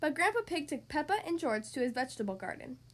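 A woman hosting a podcast, reading a children's story aloud in a cheerful, expressive way. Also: high voice, quick pace.

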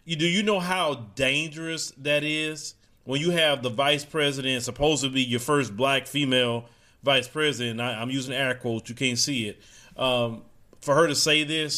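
A man's voice: mid-range voice, pushed and bright. A man delivering a heated opinion monologue straight to his audience, preachy and casual, mocking the people he quotes. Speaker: commentator.

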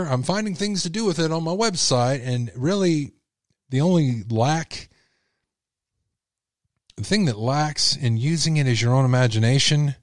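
A man's voice: mid-range voice, dry recording, studio quality. A male radio host giving a casual, chatty monologue to his listeners, stressing his points and repeating phrases.

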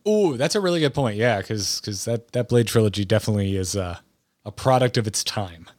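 Eager and rambling, a male podcast co-host talks casually about movies, restarting often. His lowish voice is brisk with lively intonation, recorded in a clean studio with no room sound.

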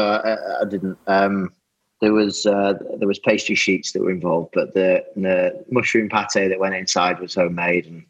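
Husky low-voiced guest, brief answers. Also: male voice, a bit bright, rough recording. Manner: brief, sheepish answers with laughter. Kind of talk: casual chat.

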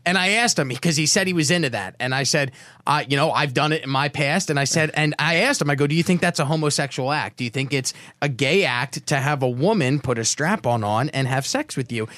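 A man's voice: on the high side, a little fast, a bit bright, dry recording. A man hosting a radio show, chatting casually and telling a story from his time on the air. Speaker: radio host. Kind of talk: casual radio interview chat.

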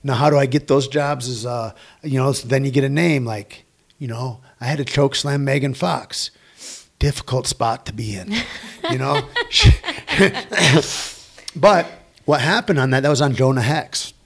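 Gravelly, profane American stuntman. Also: mid-range voice, animated, unhurried. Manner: profane, rambling anecdotes with quoted dialogue. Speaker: stunt performer. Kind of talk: casual storytelling interview.

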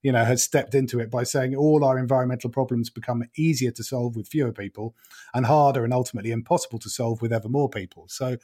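A man speaking carefully on a podcast, measured and hedging with fillers. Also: mid-range voice, fairly even intonation, dark tone, breathy edge. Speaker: podcast panelist. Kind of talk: casual podcast discussion.

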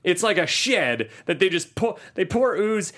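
Podcast co-host, man, slightly higher voice, lively and jokey. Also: unhurried. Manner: animated, puts on silly voices when quoting. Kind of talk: casual chat.

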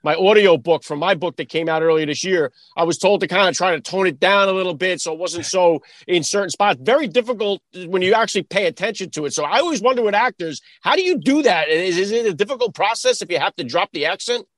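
Northeastern American man, podcast host, quick talker, slightly high voice, dry close sound. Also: expressive, fairly bright tone, no room sound. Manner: quick, eager questions with restarts. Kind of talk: interview, casual talk.

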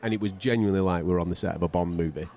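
Fast-talking low-voiced man. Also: warm tone. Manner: swears freely and mimics people in his anecdotes. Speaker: podcast co-host, boxing radio commentator. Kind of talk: casual storytelling chat.

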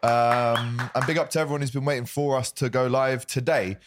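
A man with a Liverpool accent hosting a casual football chat show, reading out viewer comments and giving shout-outs. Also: mid-range voice, steady tone, fairly quick, background noise. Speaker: podcast host.

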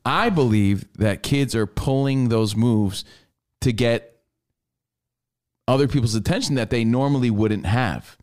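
A man hosting a radio show in casual studio talk, blunt and animated, acting out quotes as he goes. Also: medium pitch, measured pace.

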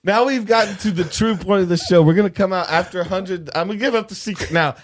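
A man co-hosting a podcast, chatting crudely and laughing loudly. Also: high-pitched, quick pace. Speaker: podcast co-host. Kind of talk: casual chat.

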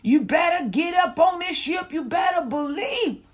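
A woman's voice: very high-pitched, expressive, measured pace, voice pushed up. A woman voicing God as a male deity who urges people to believe, talking in slang with a raised voice. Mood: urgent.

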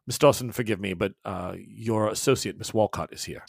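A man's voice: fairly low pitch, brisk, gravelly, husky, no room sound, clean studio sound. A man doing a stammering, nervous butler. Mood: nervous deference. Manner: stammering and formal. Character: nervous, deferential male butler.

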